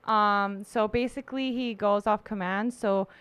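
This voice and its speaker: A woman's voice: mid-range voice, fairly even intonation, a little slow, a bit bright, smooth. A young woman chatting casually as a podcast co-host, bubbly and giggly, telling stories with lots of fillers. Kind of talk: casual chat.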